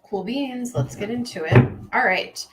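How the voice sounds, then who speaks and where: A woman's voice: on the high side, lively intonation, measured pace, rough recording. Rambling, emotional woman tarot streamer. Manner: emotional, rambling, with many fillers and restarts. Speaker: tarot reader hosting a live stream. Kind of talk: casual live-stream chat.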